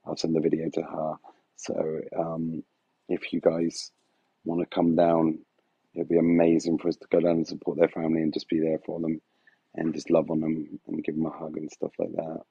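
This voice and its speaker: A man's voice: a bass voice, monotone, moderate pace, gravelly, mellow, breathy edge, no room sound, muffled recording. A man hosting a live stream, talking in a hesitant, rambling way full of fillers, his voice turning emotional at moments. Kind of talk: casual live-stream chat. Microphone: phone.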